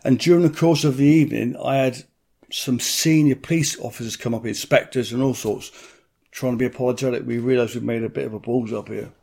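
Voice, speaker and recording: A man's voice: medium pitch, fairly even intonation, brisk, creaky, a little mellow. A blunt middle-aged man tells his story in an interview, plain-spoken and salty with his language. He acts out other people's lines as he goes. His voice sits in an ordinary middle range for a man.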